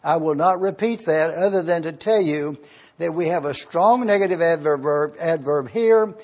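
Man, preacher, teaching sermon, careful and emphatic, slightly high voice, muffled lo-fi sound. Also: darkish tone. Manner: slow, careful and emphatic, spelling words out. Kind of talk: sermon, teaching Greek grammar. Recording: dull lo-fi recording.

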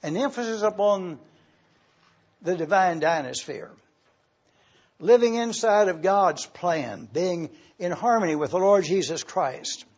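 A pastor preaches in a high, husky voice with a darkish tone, taking his time as he spells Greek words letter by letter. The muffled, lo-fi sound recalls an old church tape.

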